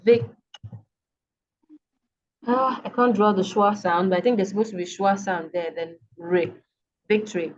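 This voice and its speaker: A woman with a Nigerian English accent tutoring students over a video call, patient and repeating each word slowly. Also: mid-range voice, fairly even intonation, slight background noise. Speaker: online tutor. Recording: dull lo-fi video call audio.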